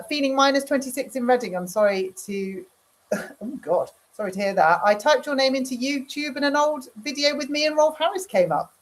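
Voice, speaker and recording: A middle-aged woman, chatting frankly with viewers and reading out their comments while she cooks dinner. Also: a little high. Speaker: livestream host. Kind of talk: casual chat, answering viewer comments. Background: cooking dinner while talking.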